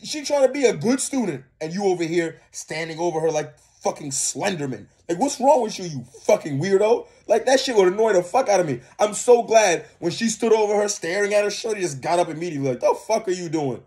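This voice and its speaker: A man's voice: sits high, lively intonation, brisk, few pauses, a little mellow. A young man co-hosting a reaction video, ranting in heated, profane casual commentary.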